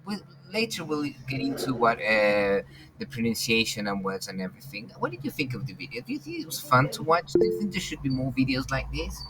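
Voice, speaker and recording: A man's voice: medium pitch, wildly swooping pitch, a little fast, very noisy. A man who grew up in England, teaching an online English class and talking with many fillers and restarts. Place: home, online video call. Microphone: computer mic on video call.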